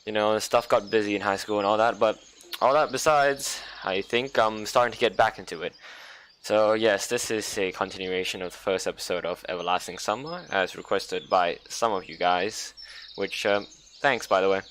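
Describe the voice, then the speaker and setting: A man's voice: on the low side, moderate pace, fairly bright tone, slight background noise. A young man casually playing through and reading a visual novel, with chatty, self-deprecating asides. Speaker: gaming YouTuber. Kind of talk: let's play, reading a visual novel aloud.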